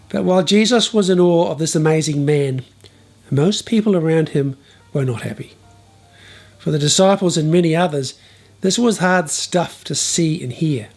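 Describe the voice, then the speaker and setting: Husky man, slightly high voice, playful bible storytelling, wry asides, soft music behind.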